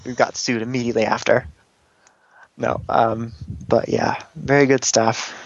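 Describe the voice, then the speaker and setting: A man's voice: mid-range voice, steady tone, measured pace, creaky, no echo, muffled recording. A man co-hosting a podcast in casual chat, rambling and giggly, with lots of fillers and restarts. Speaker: podcast co-host.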